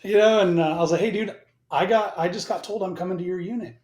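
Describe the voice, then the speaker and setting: Animated man telling a story in a roomy echo. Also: sits high, fast talker. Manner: animated, profane, mimics both sides of conversations. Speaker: podcast guest. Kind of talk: casual storytelling with acted-out dialogue.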